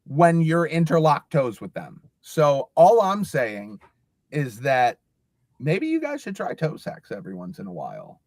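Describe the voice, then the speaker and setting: A man co-hosting a podcast, chatting casually and explaining absurd things in a mock-serious, deadpan way. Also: on the high side, a little slow, dry recording. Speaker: podcast co-host. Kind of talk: joking casual chat.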